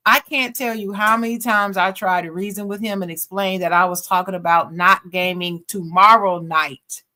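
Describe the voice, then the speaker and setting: A woman co-host on a podcast reads out a letter from a listener with plenty of expression, interrupting herself at times for casual slang-filled asides. Her pitch is medium.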